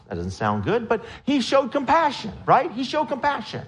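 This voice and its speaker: A man preaching a sermon, retelling a story with lively acted-out quotes and questions to the congregation. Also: extremely high pitch, normal speed. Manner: animated storytelling, acts out quotes in raised voice. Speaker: pastor.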